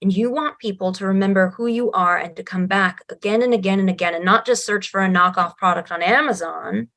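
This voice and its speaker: A woman's voice: mid-range voice, brisk, a bit bright. A woman who is a writer and a guest on an interview podcast, explaining her points earnestly and with emphasis. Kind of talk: casual interview chat.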